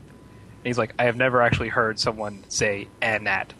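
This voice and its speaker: A man with a Western Pennsylvania accent, a podcast guest talking casually and haltingly. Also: on the low side, steady tone, bright, forceful tone, slight background noise, poor audio. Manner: hesitant, halting, with restarts.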